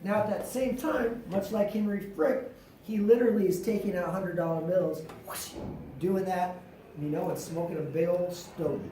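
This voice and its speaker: A male teacher lectures with loose, slangy energy, jumping into quick role-play bits with his students. He is recorded from across an echoey classroom, so his voice sounds distant and roomy, with faint room noise behind him. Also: high voice. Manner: animated, slangy, acts out quotes.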